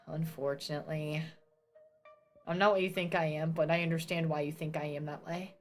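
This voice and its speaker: A woman's voice: deep voice, steady tone, a little fast, soft background music. A young woman from New Jersey chatting casually as a streamer, ranting and swearing with self-mocking asides. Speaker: VTuber streamer.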